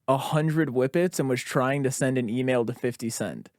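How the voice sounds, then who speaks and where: A man's voice: mid-range voice, normal speed, a little mellow, dry recording, studio quality. A man co-hosting a casual podcast, joking in a laid-back, profane way. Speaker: podcast co-host.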